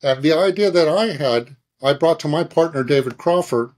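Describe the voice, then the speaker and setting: On the high side and at a normal speed, this middle-aged man's voice carries an animated anecdote. A guest in the conversation and an advertising creative director, he keeps acting out others' voices and making sound effects.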